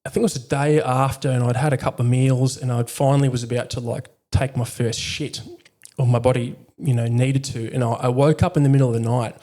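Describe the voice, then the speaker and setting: Male veteran, podcast guest; dark, mellow voice; candid, profane and conversational. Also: mid-range voice, fairly even intonation, a little fast, hardly any pauses. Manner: blunt, heavy swearing, frequent fillers.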